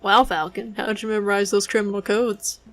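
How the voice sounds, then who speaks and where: A woman's voice: mid-range voice, little pitch movement, normal speed, no echo, close to an everyday voice. A woman voicing a naive sparrow sidekick. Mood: curious. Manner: eager, wide-eyed questions.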